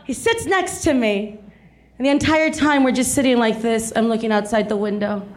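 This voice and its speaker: A woman in her thirties from South Texas performing a stand-up set, telling a story with animated delivery and acting out the people in it. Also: a little high, moderate pace. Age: 30s. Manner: animated storytelling, acts out voices, laughs along. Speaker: stand-up comedian.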